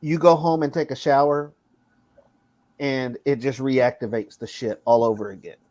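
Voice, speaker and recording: Brief: man, mid-pitched voice, detailed explainer, dry close sound. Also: fairly even intonation, moderate pace, darkish tone, no echo. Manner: explains in detail, with repeated restarts. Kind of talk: casual group chat.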